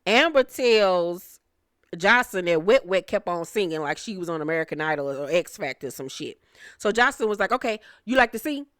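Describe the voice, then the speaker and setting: A woman's voice: fairly low pitch, animated, brisk, a bit bright, dry recording, clean studio sound. A woman giving a casual recap review of a reality show, brash and profane, laughing often.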